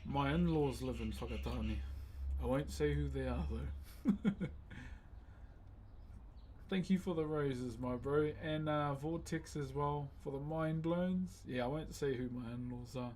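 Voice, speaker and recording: A man's voice: medium pitch, measured pace, a little mellow, slight background noise. A man who carves wood on a live stream, chatting in a laid-back way and calling viewers "bro". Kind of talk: casual live-stream chat.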